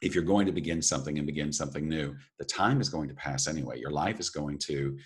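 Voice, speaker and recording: An earnest man with an extremely low, deep voice, co-hosting a reflective conversation. He talks in an encouraging way and circles back to key phrases for emphasis. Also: fast, breathy edge. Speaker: podcast co-host.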